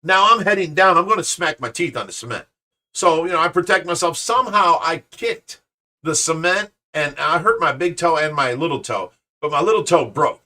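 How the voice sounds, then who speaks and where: A man hosting a show, telling a story in casual chat, animated and restarting his sentences often. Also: a little high. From Ohio, USA. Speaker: show host. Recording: voice a bit far from the mic.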